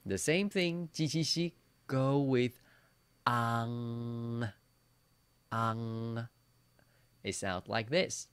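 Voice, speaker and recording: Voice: mid-range voice, very animated, unhurried, no echo. A Mandarin teacher giving an online beginner lesson, playfully demonstrating sounds and asking learners to repeat after them.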